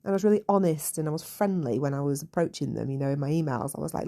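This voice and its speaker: A woman hosts a casual solo podcast, chatting candidly through her story with plenty of "you know" asides. Her voice sits low and carries a gravelly fry. The tone is dark and mellow. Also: rapid-fire, few pauses. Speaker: podcast host.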